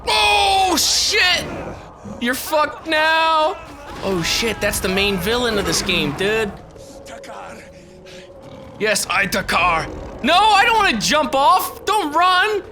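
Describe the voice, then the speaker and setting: A man's voice: sits high, slow pace, long pauses, music in the background. A young man giving casual, profane let's-play commentary, talking to himself as he plays. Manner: animated and profane, talking to himself over gameplay. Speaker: gaming video creator.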